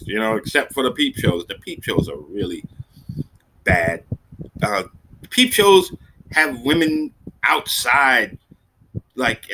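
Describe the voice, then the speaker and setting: A man doing seated stand-up, telling a profane story in an animated way and jumping into high, exasperated outbursts. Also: slight background noise, poor audio. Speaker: stand-up comedian.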